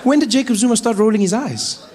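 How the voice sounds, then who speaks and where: A young man with a South African accent doing stand-up comedy, animated and incredulous. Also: high-pitched, quick pace, noisy background.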